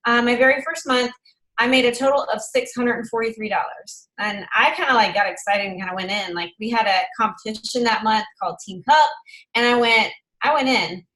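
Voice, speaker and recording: A woman's voice: fairly high pitch, brisk, bright, forceful tone, low-quality recording. A woman hosting a team call, speaking in an emphatic, motivational way. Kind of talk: casual presentation on a group call.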